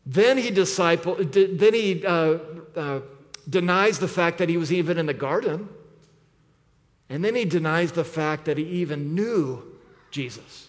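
A man preaching an earnest sermon as pastor, often dropping low and quiet to press a point. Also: measured pace. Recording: long hall reverb.

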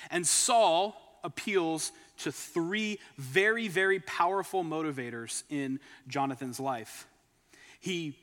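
A man's voice: fairly high pitch, fairly bright tone, long reverb tail. A man preaching a sermon, retelling a scripture story with emphatic asides.

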